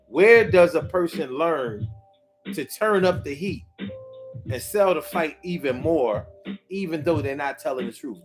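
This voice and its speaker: Hosting his own talk show, a man delivers a casual, rhythmic monologue, animatedly acting out the voices of the people he talks about. His voice is a little high and a little slow, with faint music in the background.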